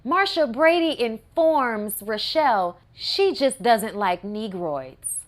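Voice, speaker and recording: Woman reviewer, sassy and wry, lively pitch that swings up and down, casual recap. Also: slow pace. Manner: sassy, wry, animated asides. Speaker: movie reviewer.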